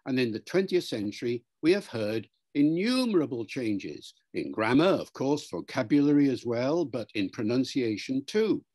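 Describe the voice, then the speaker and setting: Husky older man explaining patiently. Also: medium pitch, sing-song, a little mellow. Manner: measured, lecturing, spells out words and demonstrates pronunciations. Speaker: linguist being interviewed. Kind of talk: explanatory interview answer.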